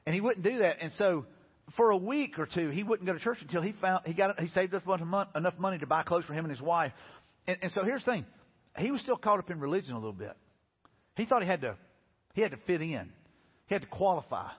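A middle-aged man, preaching a sermon as pastor, animated and telling stories with quoted dialogue. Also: a little high, fast, slightly rough. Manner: animated, storytelling with repeated quotes. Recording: lo-fi recording in a reverberant hall.

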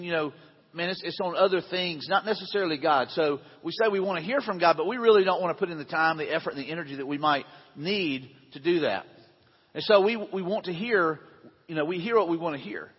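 A man's voice: fairly high pitch, breathy edge. A middle-aged man preaching a conversational sermon to a room, asking the audience questions. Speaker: pastor. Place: large hall with audience. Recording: dull lo-fi sound in echoey hall.

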